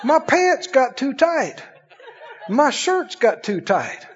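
A man's voice: very high-pitched, big pitch swings, slow pace, a little hiss or hum. A man preaching a sermon, chuckling often and asking the congregation questions. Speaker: pastor. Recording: dull, lo-fi sound in a reverberant hall.

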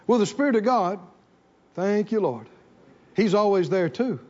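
A man preaching a sermon to a congregation, animated and repeating phrases for emphasis. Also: high voice, measured pace, lo-fi sound. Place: church in front of a congregation.

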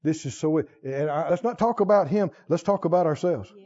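A man's voice: a little high, normal speed, warm tone, highs cut off. A male preacher delivering a sermon, talking with animation, questioning the crowd and laughing now and then.

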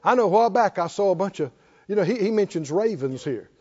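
A man's voice: sits high, lively intonation, fast, a little mellow. A man preaching a sermon. He drives it with rhetorical questions and joking asides, and calls on the congregation to answer back. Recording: dull lo-fi sermon recording.

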